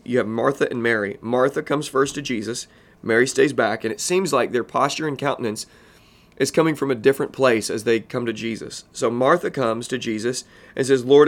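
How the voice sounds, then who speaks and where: An earnest man of ordinary pitch talks through a pastoral teaching as a podcast host. He speaks to fellow pastors in an even, sincere way and drops to a slow, soft voice when a point lands.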